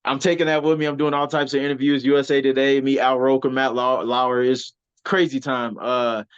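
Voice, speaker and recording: A man telling an animated, rambling story as a guest, full of fillers and quick restarts. His voice sits at a middle pitch. The recording is a little dull and lo-fi. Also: smooth. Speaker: wrestler and soldier, podcast guest. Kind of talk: casual interview storytelling. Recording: slightly dull, lo-fi audio.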